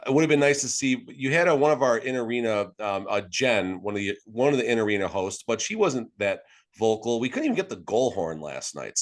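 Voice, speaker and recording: A man's voice: mid-range voice, expressive, brisk. A man co-hosting a sports podcast, talking in a rambling, joking, conversational way. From Las Vegas. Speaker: podcast co-host. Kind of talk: casual sports podcast chat.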